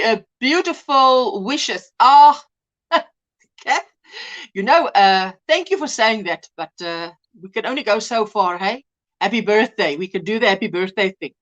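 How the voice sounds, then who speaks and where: A woman chats her way through a crochet livestream in a high-pitched voice. Her tone swings up and down as she gushes over patterns and calls out hellos to the chat. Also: lively intonation, normal speed, fairly bright tone. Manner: chatty, exclaims over projects and greets viewers in the chat. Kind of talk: casual live-stream chat.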